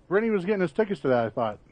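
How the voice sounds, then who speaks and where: Teasing podcast co-host, fairly high voice. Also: male voice, darkish tone, rough recording. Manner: teasing, jokey storyteller. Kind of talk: casual gaming podcast chat.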